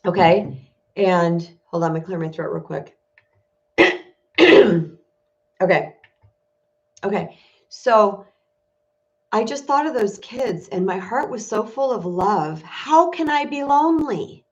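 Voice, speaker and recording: A woman life coach in spiritual empowerment talks to her audience in a confessional, candid, emotional way, like a casual livestream. Her mid-range voice moves slowly with long pauses. Sound quality is dull and lo-fi.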